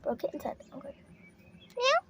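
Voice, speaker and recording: A woman, filming a casual vlog outdoors on her phone and chatting excitedly while coaxing stray cats. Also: moderate pace. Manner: excited, chatty, coaxing animals in a sing-song voice. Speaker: vlogger. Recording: noisy outdoor phone recording.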